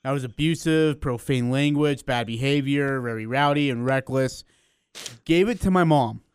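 A man's voice: mid-range voice, moderate pace, clean tone. A man co-hosting a radio morning show, telling playful stories in a studio. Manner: playful, lively storytelling. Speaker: radio co-host. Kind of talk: casual radio banter. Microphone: studio mic.

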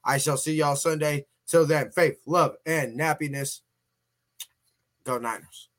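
A man's voice: fairly high pitch, unhurried, a bit bright. A man hosting a casual sports podcast, chatty and folksy, often restarting his sentences and sounding a bit tired. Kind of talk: casual sports talk show.

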